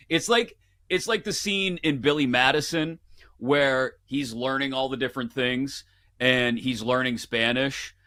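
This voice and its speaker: Bright-voiced man with a Pittsburgh accent. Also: mid-range voice, unhurried, no room sound, clean studio sound. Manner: chatty, storytelling, playful. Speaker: guest sports betting analyst. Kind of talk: casual radio chat.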